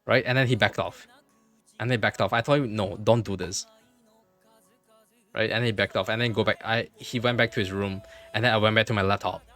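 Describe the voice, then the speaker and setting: Animated male streamer telling a story. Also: on the low side, fast, soft background music. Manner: animated, repeats himself, swears freely. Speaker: livestreamer. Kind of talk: casual livestream storytelling.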